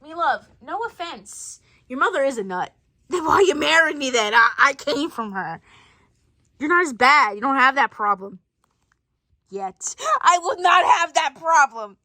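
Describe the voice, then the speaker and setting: A woman's voice: high voice, animated, normal speed, bright, forceful tone, no echo, studio quality. A woman telling a playful family story, switching between many character voices. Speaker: storyteller voicing a family skit. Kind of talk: playful family role-play.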